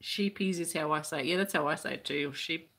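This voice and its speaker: A woman's voice: sits low, fairly even intonation, fast talker, gravelly, bright, forceful tone, breathy edge. An Australian woman who teaches crochet, chatting casually on a live stream as she reads out viewer comments, rambling with many restarts.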